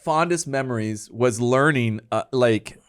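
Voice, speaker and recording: A man from Texas hosting a podcast, chatting in a relaxed, profane way and often breaking into laughter. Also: medium pitch, a little slow, clean tone. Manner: relaxed, profane, easily amused. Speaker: podcast host. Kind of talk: casual podcast chat.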